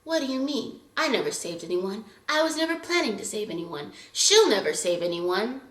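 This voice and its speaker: A mean, selfish old grim reaper shrugs things off in a low, quiet, dismissive tone, as a woman acts him out. He sounds cold and flat. The voice rings in a reverberant room. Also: moderate pace, far from the mic, natural voice.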